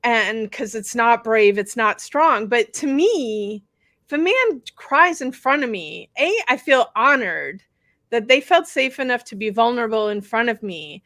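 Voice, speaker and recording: A woman's voice: a little high, animated, a little slow, fairly bright tone, dry recording, studio quality. A middle-aged woman co-hosting a talk show, chatting casually and rambling with fillers and restarts. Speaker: podcast co-host and bodywork practitioner. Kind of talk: casual chat.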